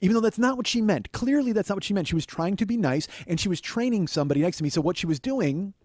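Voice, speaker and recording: Animated, swearing male comedy podcaster. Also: sits high, fast talker, no echo. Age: 40s. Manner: animated, swears, laughs at himself. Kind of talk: comedic storytelling monologue.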